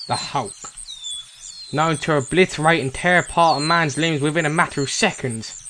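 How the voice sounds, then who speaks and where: A man giving playful, jokey commentary over a game, excitable and breaking into shouts. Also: on the high side, slight background noise. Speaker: gaming commentator. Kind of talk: playful let's-play commentary. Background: game music.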